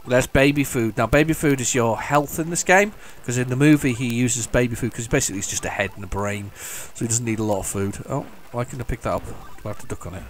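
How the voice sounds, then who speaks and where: A man's voice: mid-range voice, fast talker, few pauses, slight background noise. Chatty man commenting on gameplay. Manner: chatty and enthusiastic, rambling with many restarts; hums the game tunes along. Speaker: retro gaming video host. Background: faint retro game music.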